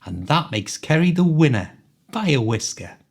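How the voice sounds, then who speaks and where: A man with a mild Liverpool Scouse accent hosting an accent quiz, upbeat, clear and instructive. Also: on the high side, sing-song, normal speed. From Liverpool, England. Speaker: host and English coach.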